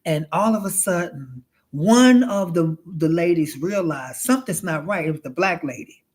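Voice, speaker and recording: A flamboyant man retelling a film in a loose, chatty monologue, with a voice on the higher side for a man. He rambles, restarts and swears freely, and keeps calling his listener honey and child. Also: animated, moderate pace. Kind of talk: casual storytelling monologue.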